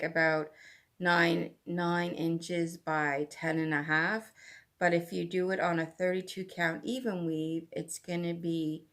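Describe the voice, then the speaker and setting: Slow-talking woman with a gravelly voice. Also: fairly low pitch, a bit bright. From Canada. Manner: chatty and rambling, with fillers and asides. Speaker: cross-stitch vlogger. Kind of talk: casual chat.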